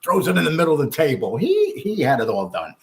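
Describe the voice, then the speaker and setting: Blunt, animated man telling a story. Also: a little high, quick pace. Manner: animated storyteller acting out quotes, frequent restarts; blunt, swears freely. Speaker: guest. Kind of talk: storytelling interview.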